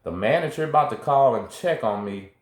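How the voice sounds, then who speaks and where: This middle-aged host speaks in a mid-range voice, animated and a little fast, with reverb around him. He's laid-back and slangy, telling a first-person story straight to viewers.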